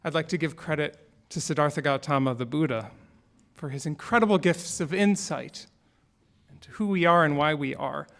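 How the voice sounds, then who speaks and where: A man's voice: fairly high pitch, moderate pace, a bit bright. Conversational male minister preaching a sermon. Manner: conversational, with light humor. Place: church sanctuary.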